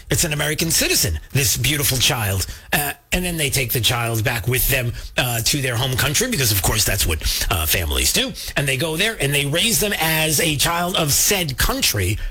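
A man's voice: fairly high pitch, sing-song, normal speed, hardly any pauses, pushed and bright, slightly rough. A man hosting a political talk radio show, emphatic and fired up, speaking straight to his co-host and his listeners. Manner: fired-up, emphatic, addresses co-host and audience directly. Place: radio studio.

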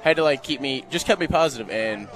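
A man in his twenties, a volunteer assistant coach, answering interview questions in a halting, rambling way. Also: medium pitch, expressive, music in the background. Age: 20s. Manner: halting, full of fillers and restarts. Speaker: guest, former player and volunteer assistant coach. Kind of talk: radio interview.

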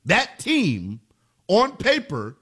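Male sports talk host, bright forceful tone, animated emphatic delivery. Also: high voice, very slow, husky. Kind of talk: sports talk radio monologue.

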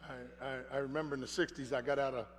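A man's voice: medium pitch, fairly even intonation, quick pace. An older man preaching a sermon, telling his own story earnestly with repeated phrases. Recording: echoey hall, faint hum.

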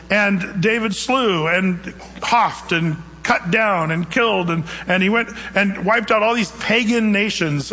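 A man's voice: on the high side, sharp tone, husky, big-room sound, poor audio. A man preaching a casual, conversational sermon, retelling scripture in everyday speech and asking the congregation questions. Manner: conversational, acts out quotes in casual modern speech. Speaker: pastor.

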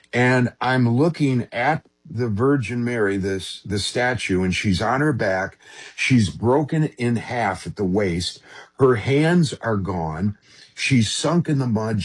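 This man is an interview guest recounting a personal story earnestly, halting often and restarting. His voice is medium-pitched with a slight roughness.

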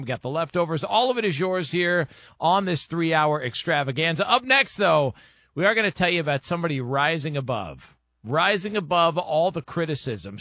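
A man's voice: fairly high pitch, fairly bright tone, no echo. A man hosting a sports radio show, reading sponsor copy and teasing upcoming segments in an upbeat announcer manner.

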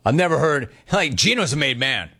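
A man hosting a sports talk radio show, teasing callers in an animated way. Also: on the high side, fairly quick, creaky, breathy edge. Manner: animated, mock-serene teasing. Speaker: radio host.

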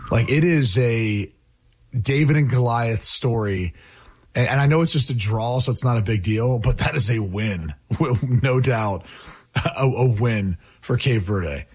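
A man co-hosting a sports radio show, chatty and teasing, with quick asides. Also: medium pitch, expressive, a little mellow, breathy edge. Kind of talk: casual sports talk. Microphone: studio microphone.

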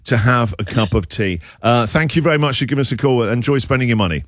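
A man hosts a radio show and jokes easily with a caller. His pitch rises and falls a lot, and the sound is dry and close. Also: lively intonation, no room sound. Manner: playful, teasing, quick to joke. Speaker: radio host. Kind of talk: casual on-air chat with a caller.

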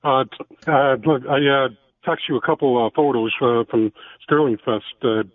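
Man, radio caller, quick and halting, lots of fillers, dry tinny phone audio. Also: mid-range voice, dry recording. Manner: hesitant, many fillers, quick bursts. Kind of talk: phone-in call.

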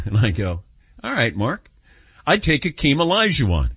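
A man's voice: mid-range voice, unhurried, breathy edge, dry recording, highs cut off. A man hosting a sports call-in radio show, telling a story and acting out the voices in it. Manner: animated, acts out quoted voices. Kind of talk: storytelling and taking calls.

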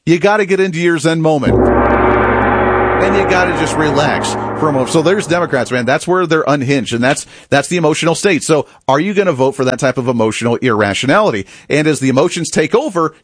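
A man's voice: fairly high pitch, breathy edge. A man hosting a political talk show, commenting in a casual, mocking way. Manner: chatty, mocking, laughs at clips.

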